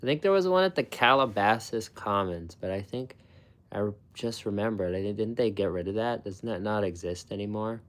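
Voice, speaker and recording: Low-voiced man in rambling, profane chat. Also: brisk. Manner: rambling and profane, laughs often, many fillers. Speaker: food channel host. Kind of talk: casual live-stream chat with viewers.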